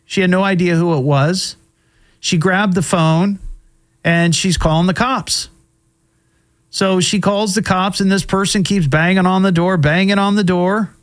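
A middle-aged man hosts a casual talk show, chatting through odd news items with wry amusement. His voice sits a little high for a man, and he keeps the tone loose, full of little fillers and asides. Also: steady tone, measured pace. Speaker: host.

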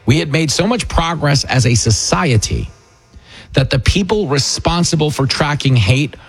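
A man's voice: a little high, expressive, normal speed, husky. A man hosting a political talk radio show, delivering an opinionated monologue in a combative, sarcastic way. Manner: combative, sarcastic, mocking impressions.

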